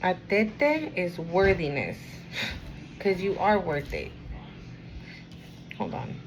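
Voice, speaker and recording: A woman giving a casual spiritual card reading to camera, rambling and encouraging the viewer, sometimes dropping to a quieter murmur. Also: fairly low pitch, sing-song, slow pace, noisy background. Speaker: tarot and oracle card reader.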